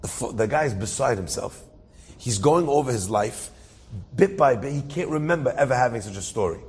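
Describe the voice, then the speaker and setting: A male rabbi tells a story with a slightly husky, breathy voice. He speaks at an even, middling pitch and acts out the characters with rising emotion. The sound carries a long reverb, as if he is in a large hall. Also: moderate pace. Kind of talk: storytelling talk.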